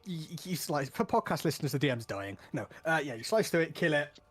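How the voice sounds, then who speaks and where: A man running a tabletop game as game master, playful and quick to laugh. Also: on the high side, big pitch swings, slightly rough.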